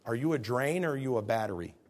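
A man's voice: medium pitch, lively intonation, fast, a little mellow. A male pastor preaching a sermon, telling stories and rising to fervent peaks.

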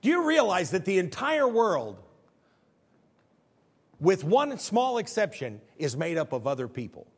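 Pastor guy in his 50s, kinda high voice, chatty sermon, cracks jokes, asks the crowd stuff. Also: sing-song, unhurried, pauses often, slightly rough. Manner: conversational preaching with jokes and rhetorical questions.

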